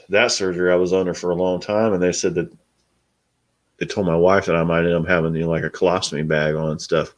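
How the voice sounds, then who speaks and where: A middle-aged man hosting a casual live stream, talking bluntly and swearing freely. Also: low-pitched. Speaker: host.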